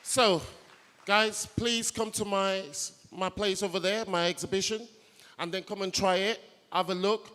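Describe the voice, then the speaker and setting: A man's voice: sits high, fairly even intonation, a little slow. A man giving a short, eager thank-you speech as a guest exhibitor at a live event. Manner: eager, warm thanks, promoting his page. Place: conference hall. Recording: echoey hall from a distance.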